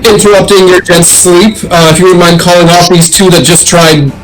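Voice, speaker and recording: A man's voice: high-pitched, flat delivery, normal speed, faint music behind, rough recording. A man playing a tabletop game, speaking politely and formally in character. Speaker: player.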